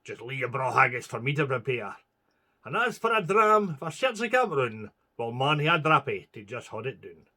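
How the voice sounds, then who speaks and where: A man's voice: medium pitch, big pitch swings, moderate pace, sharp tone. Guy doing a wee crafty scots soldier, chummy, plotting in thick dialect. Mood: scheming. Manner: broad Scots dialect, confiding.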